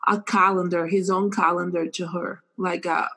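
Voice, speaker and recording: Woman co-host with a non-native accent who tells stories with earnest, animated energy. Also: lowish voice, moderate pace, husky, rough recording. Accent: non-native English. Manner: animated storytelling, warm and earnest. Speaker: podcast co-host. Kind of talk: casual chat.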